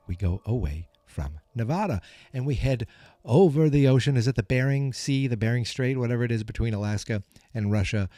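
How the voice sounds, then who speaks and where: Podcast host, male, scratchy morning voice, rambling self-joking chat, mellow dark tone. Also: fairly low pitch, dry recording, studio quality. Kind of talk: casual recap monologue.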